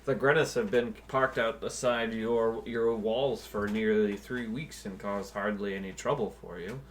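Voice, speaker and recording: A man voicing a calm, cautious lord. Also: lowish voice, unhurried, slight background noise, natural voice. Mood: placating. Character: calm, cautious male lord advising restraint.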